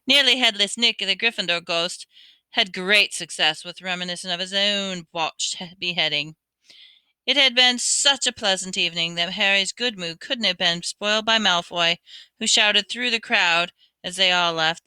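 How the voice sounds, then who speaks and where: A woman's voice: mid-range voice, normal speed, pushed and bright, smooth, no room sound. A woman reading a novel aloud, now and then stumbling and restarting words. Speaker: reader.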